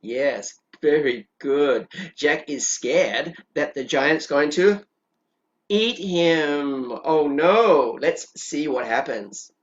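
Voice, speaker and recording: A kindergarten teacher patiently walks small children through a story and prompts them to repeat words. Her voice is low and she talks very slowly. The recording sounds dull and lo-fi. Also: lively intonation.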